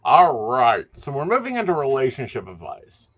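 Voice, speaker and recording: A man's voice: mid-range voice, wildly swooping pitch, moderate pace, a bit bright, lo-fi sound. Blunt, cussing man. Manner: blunt, profane, plain-spoken. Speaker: psychic and podcast co-host. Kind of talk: casual chat.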